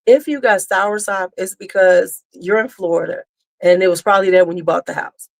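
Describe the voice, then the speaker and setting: A woman's voice: on the low side, steady tone, normal speed, vocal fry. A woman hosting a casual livestream, talking bluntly with some cursing and answering viewers' comments as they come in. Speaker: beauty channel host.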